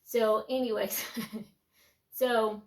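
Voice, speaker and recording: A faith vlogger in her twenties gives a heartfelt personal testimony, earnest and reflective, restarting frequently and dropping to near-whispers for her inner thoughts. Her voice is fairly high-pitched and level, with drawn-out words.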